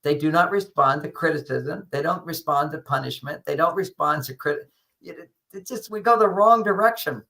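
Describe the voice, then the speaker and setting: Older male guest author, gravelly and bright, animated anecdotal delivery. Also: a little high, normal speed, poor audio. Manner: animated anecdotal explaining, acts out quoted lines. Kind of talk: storytelling interview answer.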